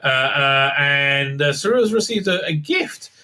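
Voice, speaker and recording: A male reviewer from Israel talks through an episode at his computer in a loose, rambling way, tripping over fillers and restarting his sentences. His voice sits a touch high and comes across bright and forceful. He mocks what he's describing, with a dry, sarcastic bite. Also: animated, unhurried. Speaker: TV show reviewer. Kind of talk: casual recap with mocking impressions.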